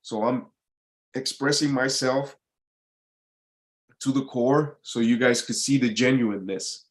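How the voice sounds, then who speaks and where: A man's voice: mid-range voice, steady tone, measured pace. Rambling, swearing man hosting a live stream. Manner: rambling, repeats words, swears casually. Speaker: host of a live online talk show. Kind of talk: casual live-stream monologue.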